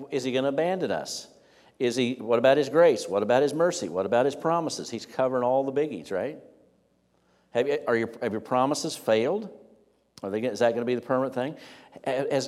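A man's voice: mid-range voice, darkish tone. A man preaching a sermon, asking rhetorical questions and checking in with the congregation in a conversational way. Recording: long hall reverb.

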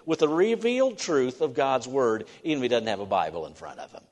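A man preaching a sermon in a church, earnest and halting, with restarts as he talks. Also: medium pitch, very animated, a little mellow. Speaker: pastor. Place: church sanctuary. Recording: long hall reverb.

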